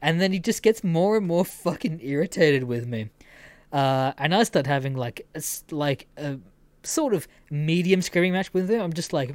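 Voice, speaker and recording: Low-voiced woman telling stories. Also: expressive, normal speed, darkish tone, no room sound. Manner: swears freely, laughs while telling stories. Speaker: podcast host. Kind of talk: casual storytelling podcast.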